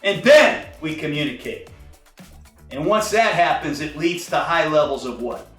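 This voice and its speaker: An older football coach drills quarterbacks in a film room, swearing and shouting cadences and snap counts in a high, bright drill-sergeant bark. He's animated and speaks at normal speed. A distant mic picks up a roomy echo and faint music.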